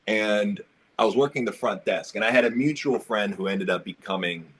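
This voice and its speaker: A man's voice: fairly low pitch, normal speed, fairly bright tone, husky. A man on a discussion panel telling a personal story, acting out the quotes and speaking in casual slang. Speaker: roundtable panelist.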